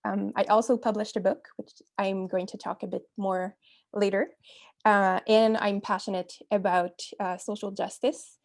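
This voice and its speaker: Young woman, from Quebec, earnest, halting, lots of fillers, video call panel, even middle pitch. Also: gravelly. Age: young adult.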